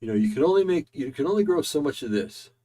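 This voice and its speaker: A man's voice: on the high side, sing-song, fast talker, dark tone. A man hosting casual political commentary, tired and yawning, rambling with many fillers and restarts.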